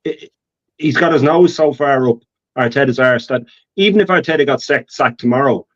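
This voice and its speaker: Scornful guest on a dull line. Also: male voice, mid-range voice, normal speed. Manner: scornful, rambling rant. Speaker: guest on a call-in show. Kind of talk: casual call-in chat.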